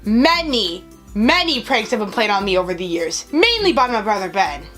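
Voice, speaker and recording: A woman vlogger with a mid-range, fairly bright, sing-song voice at normal speed hosts her own channel over soft background music. She chats casually and tells stories while answering viewer questions, often saying "like."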